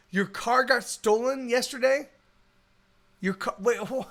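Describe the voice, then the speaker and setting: A man's voice: very high voice, a little slow, fairly bright tone. A man musician chatting casually on a live stream, rambling with lots of restarts and swearing, with a Texan accent. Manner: rambling, swears a lot, many restarts and fillers.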